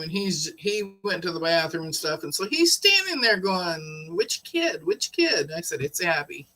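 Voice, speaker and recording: Woman, unhurried, bright voice, chatty storytelling, laughs often. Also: lowish voice, low-quality recording. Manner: chatty, laughs often while telling stories. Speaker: livestream host. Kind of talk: casual storytelling chat.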